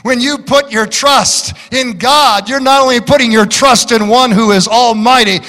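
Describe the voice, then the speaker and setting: A man preaching a fiery sermon as pastor, building to shouts. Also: very high voice, steady tone, moderate pace. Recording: large hall reverb.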